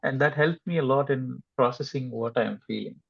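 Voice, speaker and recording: A man's voice: mid-range voice, moderate pace, vocal fry, a bit bright, slightly rough, no echo, muffled recording. A man taking part in a meeting, answering in casual chat, appreciative and hesitant with fillers. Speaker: meeting participant asking a question.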